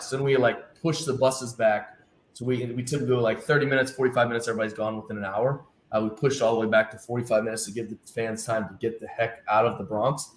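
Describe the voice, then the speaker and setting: The guest, a team's travel director, talks fast in a mid-range voice, acting out quoted dialogue as he tells animated stories in a casual interview. A little hiss or hum is audible, and the room is echoey with faint ambience.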